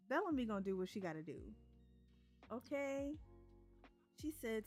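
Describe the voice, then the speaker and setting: A woman's voice: fairly high pitch, very animated, takes it slowly, long pauses, faint music behind. A woman streaming a life-sim game, chatting casually, giggling often and narrating what her characters think and say. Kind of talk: casual let's-play commentary.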